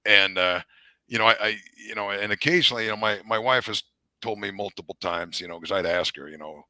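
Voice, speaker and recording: A middle-aged man, a retired Marine, telling stories in a rambling, animated way with many fillers. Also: lowish voice, a little fast, no echo, studio quality. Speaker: podcast guest, retired Marine officer. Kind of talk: casual storytelling interview.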